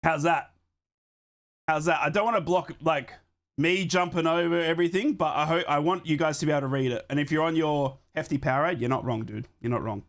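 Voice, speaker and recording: A young man with a hoarse voice from a chest infection, hosting a live football watchalong, chatting to his viewers between calls on the match. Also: a little high, brisk. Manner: chatty, talks to his live chat while fixing things on the fly. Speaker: watchalong host.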